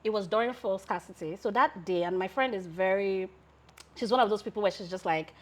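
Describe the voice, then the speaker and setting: A woman's voice: mid-range voice, fairly quick. A woman in her thirties with a Nigerian accent, a lawyer and founder telling stories as an interview guest, often breaking into laughter. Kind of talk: casual interview storytelling.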